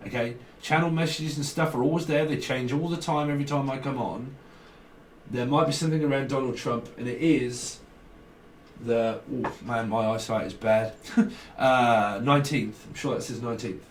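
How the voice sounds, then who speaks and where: A man's voice: mid-range voice, moderate pace. A man giving a casual tarot reading, rambling and joking with chuckles between thoughts. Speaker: tarot reader. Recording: roomy echo, distant from mic, faint noise.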